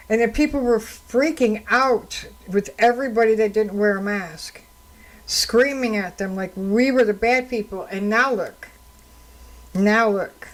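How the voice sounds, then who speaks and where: A woman's voice: mid-range voice, rough recording. A woman radio host and counselor talking on her own into a studio microphone, telling stories in an indignant, conversational way. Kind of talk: solo radio talk commentary.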